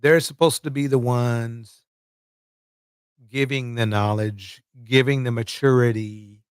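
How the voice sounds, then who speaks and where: Slow, emphatic male livestream commentator. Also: mid-range voice, fairly even intonation, smooth, no echo, studio quality. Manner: emphatic, repeats words for effect. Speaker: commentary host.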